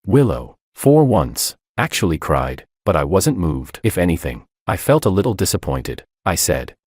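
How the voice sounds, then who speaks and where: Deep-voiced male story narrator. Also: sing-song, normal speed, darkish tone, slightly rough, no echo, studio quality. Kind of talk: first-person story narration.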